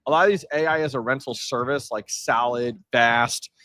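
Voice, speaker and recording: A man's voice: medium pitch, no room sound. A man hosting a live stream from an event floor, chatting casually and answering his chat with energy. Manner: energetic, reads chat aloud, quick asides.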